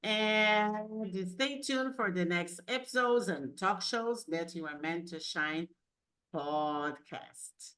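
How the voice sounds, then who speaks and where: A woman with a Brazilian accent hosting a podcast interview over a video call, with slow, affirming talk. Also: on the low side, a bit bright. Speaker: podcast host. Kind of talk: casual interview chat.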